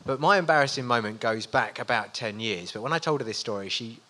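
A man's voice: mid-range voice, expressive, fast, bright, forceful tone. A man in his forties telling self-mocking, swearing anecdotes as a guest on a live stage show. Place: live stage in front of an audience.

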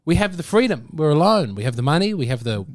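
Fast-talking man, playful. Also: on the high side, sing-song, no room sound. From Australia. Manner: quick, playful, provocative banter. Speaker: podcast host. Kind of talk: casual chat.

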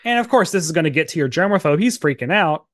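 A man's voice: a little high, expressive, quick pace, dry recording, studio quality. A man co-hosting a podcast, chatting casually as he recaps a TV episode, full of "like" fillers and acted-out snippets of dialogue. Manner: chatty, many "like" fillers, acts out bits of dialogue. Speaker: podcast co-host.

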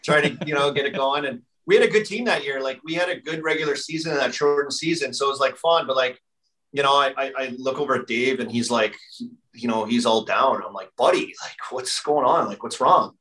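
Chatty ex-player, bright distant-sounding voice. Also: male voice, medium pitch, quick pace. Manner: rambling, heavy use of filler "like". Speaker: podcast guest, former hockey player. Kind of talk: casual storytelling chat.

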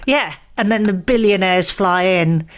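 A woman's voice: mid-range voice, measured pace. Chatty woman comedian. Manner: chatty, laughing, jokey asides. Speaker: comedian co-host. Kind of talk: casual chat.

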